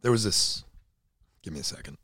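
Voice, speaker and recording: A man in his thirties with a hoarse, worn-out voice, talking in a casual, earnest and emotional way and swearing freely. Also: low voice, lively intonation, fairly quick, a bit bright, dry recording, clean studio sound. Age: 30s. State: hoarse, voice nearly gone. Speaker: podcast co-host, CrossFit athlete. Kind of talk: casual chat.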